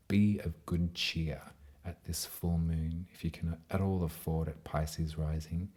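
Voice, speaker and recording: Very deep-voiced man giving a heartfelt astrology reading. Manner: heartfelt, chatty, drifts into soft half-whispers. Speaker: astrologer and tarot reader.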